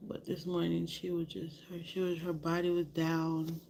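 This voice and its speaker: A woman's voice: fairly low pitch, monotone, normal speed, vocal fry, a little mellow, slight background noise. A woman vlogger telling a story in a candid, rambling way, often dropping to a whisper. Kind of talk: casual storytelling to camera.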